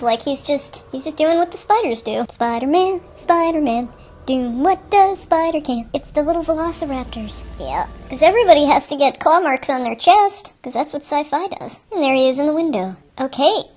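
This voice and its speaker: A woman's voice: high voice, lively intonation, brisk, hardly any pauses, a little mellow, soft background music. A woman hosting a show, talking through a movie in a chatty, joking way full of rambling asides. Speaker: show host. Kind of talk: improvised movie commentary. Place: at home watching TV.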